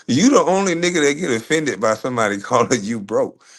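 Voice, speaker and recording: A man's voice: mid-range voice, very animated, normal speed. A man giving a casual, profane rant as a reaction commentator, blunt and laughing often. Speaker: commentator reacting to online critics.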